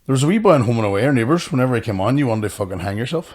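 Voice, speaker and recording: Sweary Northern Irish man, fast banter. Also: medium pitch, expressive, darkish tone. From Northern Ireland. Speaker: podcast co-host, comedian. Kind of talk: casual chat.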